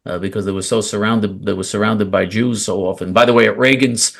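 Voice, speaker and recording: Low-voiced man, rambling talk. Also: fairly even intonation, a little fast, creaky, fairly bright tone. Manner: rambling, many fillers and restarts. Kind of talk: casual chat.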